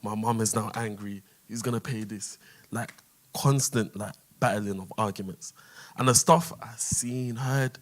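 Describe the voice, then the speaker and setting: Man, London accent, quiet and reflective, low voice, panel guest. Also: steady tone, measured pace. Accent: London English. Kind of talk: casual personal testimony.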